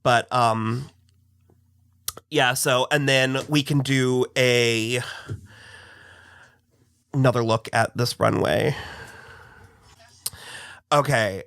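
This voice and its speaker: A co-host with a mid-range voice talks through a show in a casual reaction chat. The delivery is enthusiastic, often rising sharply when excited, and sometimes hunts for the right word. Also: medium pitch, extremely slow, gravelly, long pauses, clear, resonant tone, no room sound. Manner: enthusiastic, searching for words.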